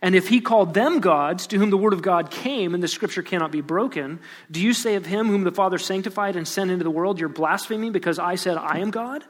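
A man preaching a sermon, reading scripture aloud and acting out sarcastic quotes with animated emphasis. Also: high voice, a little fast, hardly any pauses. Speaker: pastor.

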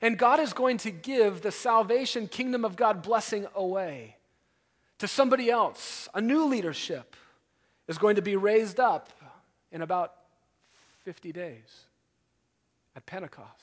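Man, pastor, sermon, high voice, emphatic preaching, long hall reverb. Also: unhurried, long pauses. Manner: animated, emphatic preaching with rising intensity.

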